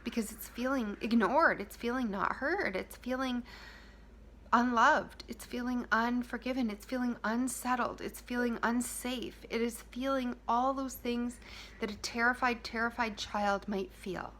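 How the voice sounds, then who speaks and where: A woman giving a heartfelt self-help talk to her viewers, speaking softly and intimately, dropping at times to a whisper and repeating key phrases. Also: a little high, a little slow, slight background noise.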